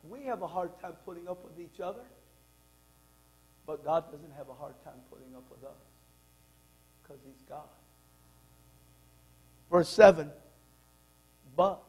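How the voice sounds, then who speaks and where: A pastor delivers a sermon in a church sanctuary, his male voice sitting unusually high. He preaches with emphasis, reads scripture aloud and throws questions out to the congregation. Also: darkish tone, rough recording.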